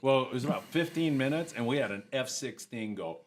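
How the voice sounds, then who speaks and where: An animated man telling stories as a podcast guest. His voice sits at a middle pitch, and his delivery is casual and lively. He chuckles often while he talks. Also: a little fast, a little hiss or hum. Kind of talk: casual storytelling.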